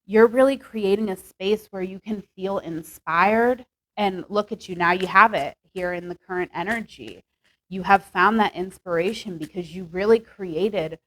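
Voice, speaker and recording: A woman's voice: mid-range voice, fairly bright tone, low-quality recording. A young woman with a mid-range voice reads tarot cards in a casual, chatty way. She talks upbeat and loose, peppering her sentences with "like" and "okay". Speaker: tarot reader. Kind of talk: casual tarot reading to camera.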